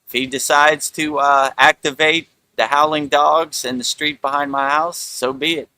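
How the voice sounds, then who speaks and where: A middle-aged man hosting a spiritual talk, speaking in a relaxed, rambling way with lots of "you know". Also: on the high side, normal speed, clear, resonant tone, dry recording, low-quality recording. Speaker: spiritual teacher and show host.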